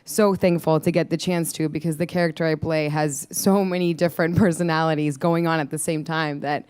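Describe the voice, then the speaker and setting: Smooth, low-pitched Chilean actress. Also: female voice, steady tone, fairly quick, dry recording. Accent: Chilean Spanish. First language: Spanish. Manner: warm, laughing, with many ums. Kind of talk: interview answers.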